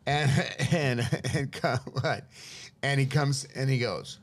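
A middle-aged man from Los Angeles, a guest telling lively, profane stories about his father in casual chat. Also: medium pitch, slow. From Los Angeles, USA. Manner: profane, lively anecdotal storyteller. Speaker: interview guest. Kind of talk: casual storytelling.

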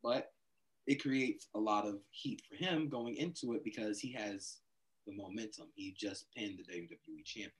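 A man co-hosting a casual wrestling podcast, giving his loose, relaxed take on the storylines. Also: lowish voice, normal speed, poor audio. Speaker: podcast co-host.

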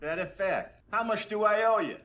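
Gruff old-film gangster, clipped threats, slightly high voice. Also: male voice, moderate pace, bright, forceful tone, highs cut off, slight background noise. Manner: gruff, threatening, clipped tough-guy delivery. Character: menacing gangster man threatening a delivery boy.

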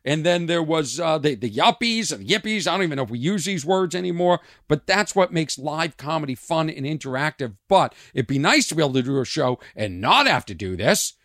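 Male podcast host, comedian, animated storyteller, fairly high voice, dry sound. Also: brisk, few pauses, no room sound. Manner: animated storytelling, acts out exchanges. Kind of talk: casual podcast monologue.

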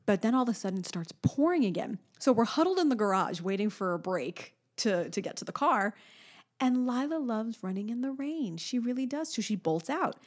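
A woman in her thirties telling a long family story in a casual chat, animated and acting out the people she quotes. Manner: animated storyteller, acts out a toddler's high voice. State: pregnant.

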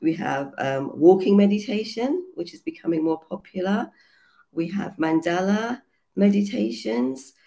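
A woman with a cold and a hoarse voice, a children's yoga teacher explaining her book chapter in an earnest way, with many fillers. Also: medium pitch, lively intonation, unhurried, dark tone. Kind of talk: casual online panel talk.

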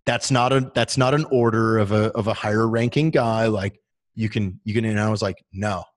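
A man's voice: on the low side, steady tone, moderate pace. A man in his thirties, a military veteran guest, telling a story in casual chat. He swears freely and fills his talk with "like". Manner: profane, heavy use of "like" fillers.

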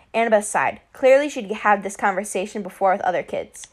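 A woman giving a first-person audiobook narration, brisk and wry. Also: medium pitch, expressive.

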